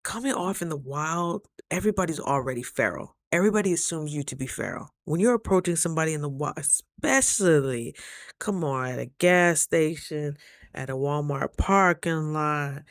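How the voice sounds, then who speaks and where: A woman vlogger telling stories to camera in a casual, animated, slangy way, acting out the voices of the people in them. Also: deep voice, dry recording, clean studio sound.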